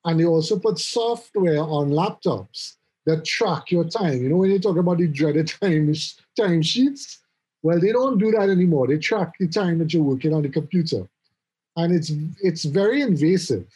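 A middle-aged man chatting casually about his office jobs, telling animated stories and often repeating words as he goes. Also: a little high, normal speed, slightly rough, rough recording. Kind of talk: casual conversation.

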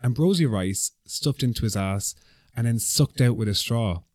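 A man's voice: mid-range voice, expressive, moderate pace, darkish tone, no room sound, studio quality. Giggly Irish man on a podcast. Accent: Dublin Irish. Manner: giggly, playful, breaks into silly accents. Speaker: podcast co-host. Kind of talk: casual chat.

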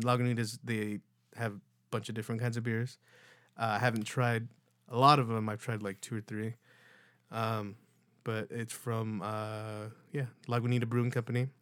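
A young man from California co-hosting a podcast in a loose, rambling way, casual swearing and lots of ums. His voice sits at an ordinary middle pitch. It is recorded close and dry, with no room sound. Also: clear, resonant tone, no room sound. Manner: relaxed, rambling, swears casually, many fillers. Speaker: podcast co-host. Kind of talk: casual chat.

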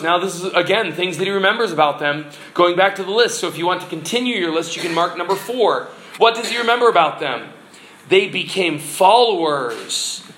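A male pastor gives an earnest, exhorting sermon in a notably high voice, quizzing his congregation as he goes. The sound is roomy and echoey, as in a church hall, with a faint ambient hum behind him. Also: pushed and bright.

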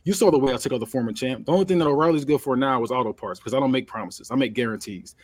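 A man's voice: medium pitch, very fast, close to an everyday voice. A man cutting a promo as a cocky wrestling champ. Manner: cocky, boastful trash talk. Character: brash trash-talking male wrestling champion.

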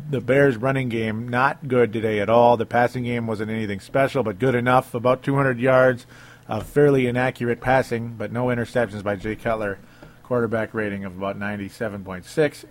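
A man talks through the week's games as a sports show host. He keeps it casual and chatty, chuckling often and reading listener messages aloud. His voice sits at an ordinary middle pitch. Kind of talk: casual sports radio talk.

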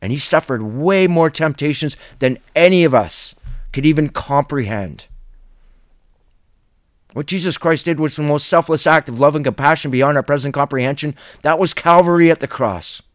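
A man giving a solo Bible teaching video in an earnest, insistent, preacherly way, sometimes halting and restarting as he improvises. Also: fairly high pitch, no room sound, clean studio sound.

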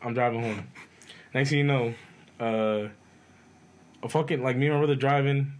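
A man's voice: mid-range voice, moderate pace. Laid-back young man telling stories. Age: 20s. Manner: laid-back storytelling, lots of swearing. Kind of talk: casual chat.

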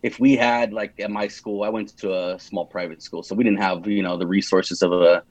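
This podcast guest, a Californian man in his twenties, speaks on the low side with fairly even intonation and a darkish tone at normal speed. His casual interview talk wanders, full of fillers and false starts. There's no echo, and the recording sounds dull and lo-fi.

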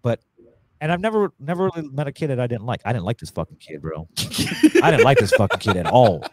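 A man's voice: medium pitch, lively intonation, quick pace, no room sound. A man casually telling a long crude story, full of swearing and voiced quotes.

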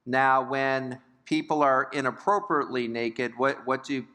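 Brief: older male Bible teacher, chatty and questioning, crisp bright tone. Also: medium pitch, measured pace. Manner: conversational, asks the class questions, joking asides.

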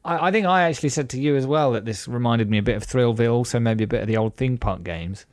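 A man's voice: medium pitch, fast talker, a little mellow, no room sound, studio quality. A man co-hosting a podcast in casual chat, rambling and upbeat with many fillers. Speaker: podcast co-host.

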